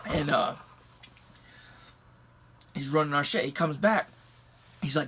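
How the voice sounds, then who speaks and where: A man's voice: a little high, slow pace, pauses often, pushed and bright, slightly rough. A young man from the rural United States telling a story casually, heated and swearing constantly. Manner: profane, heated retelling.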